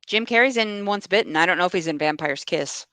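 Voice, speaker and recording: A podcast co-host in casual talk, mid-pitched and recorded close with no room sound. Short agreeing replies come often. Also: animated, sharp tone, clean tone, dry recording. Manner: quick agreeing interjections.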